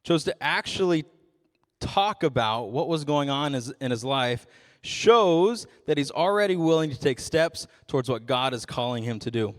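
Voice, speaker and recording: A man's voice: medium pitch, lively intonation, moderate pace, big-room sound. A young adult man giving a youth sermon as a ministry intern, casual and self-deprecating with frequent jokes.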